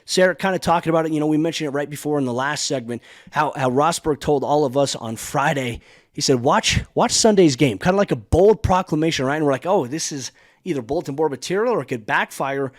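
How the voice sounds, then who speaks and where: Male sports podcast host, fairly high voice, punchy and energetic, dry close-mic sound. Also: quick pace, dry recording.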